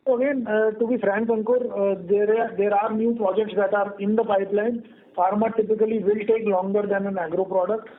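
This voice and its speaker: A man, a company executive, answering analyst questions on an earnings call in a measured, frank way with many fillers. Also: sits high, little pitch movement. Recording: tinny phone line.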